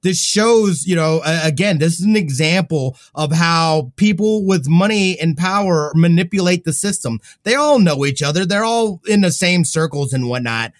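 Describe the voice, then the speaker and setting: Male co-host, casual podcast chat, blunt and opinionated, slightly higher pitch, dry sound. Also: animated, moderate pace, hardly any pauses, dry recording. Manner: frank, opinionated, some fillers.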